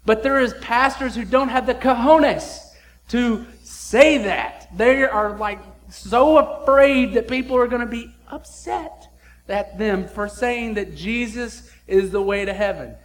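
A man's voice: very high-pitched, unhurried. A man preaching a sermon as pastor, blunt and emphatic, with casual slang.

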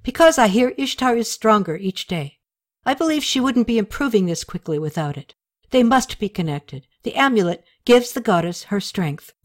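A woman reading the part of a stern, scheming male high priest, in a grave and insistent manner. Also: lively intonation, moderate pace.

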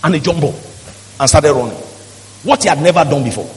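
A man's voice: fairly high pitch, brisk. A male pastor, preaching emphatically and acting out quoted voices in a church hall. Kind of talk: sermon.

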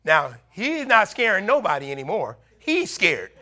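Preaching with animation in a bright, high voice at a moderate pace, a man dramatically retells the scripture. He slips into the voices of anxious neighbors acting out their warnings and addresses his listeners directly.

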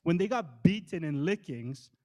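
A pastor preaching a sermon with passion, firing rhetorical questions and shifting between quick runs and slow, emphatic phrases. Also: male voice, a little high, animated, dark tone.

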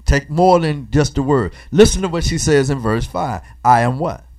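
A man preaching a call-and-response sermon, asking the congregation questions and pausing for their answers, swinging between loud emphatic bursts and quiet asides in a colloquial church cadence. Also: medium pitch.

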